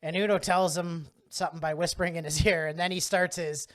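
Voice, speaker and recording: A man's voice: a little high, steady tone, a little fast, fairly bright tone. A man co-hosting a podcast, chatting casually as he recaps a comedy skit, laughing often and acting out the lines he quotes. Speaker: podcast co-host.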